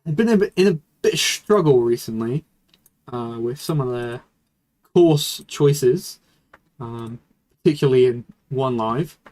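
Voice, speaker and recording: This young man's voice is medium-pitched, animated, measured in pace and a little mellow as he streams music reviews. He rambles casually, dropping fillers and the odd swear, while faint music sounds in the background.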